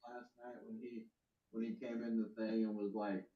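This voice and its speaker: A man's voice: on the low side, flat delivery, normal speed. A man co-hosting a stream, casually retelling funny moments and laughing. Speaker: stream co-host. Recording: dull distant roomy call audio.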